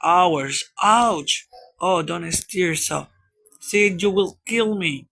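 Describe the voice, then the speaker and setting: A man's voice: high-pitched, drawn-out words, creaky, sharp tone, exaggerated voice. A man voicing a boy faking illness, whining and melodramatic, in a storybook reading. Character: boy Tom faking illness, whiny, dramatic.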